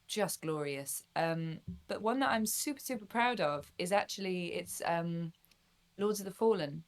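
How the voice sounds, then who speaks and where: A young woman, a voice actor, chatting in an interview, bubbly and quick to laugh. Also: fairly low pitch, animated. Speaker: guest voice actor. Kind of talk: casual interview chat.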